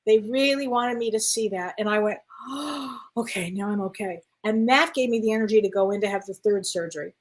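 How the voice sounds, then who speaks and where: A woman co-hosting a chat show, telling a personal story in an animated way and acting out the dialogue. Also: medium pitch, fast, few pauses. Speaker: co-host.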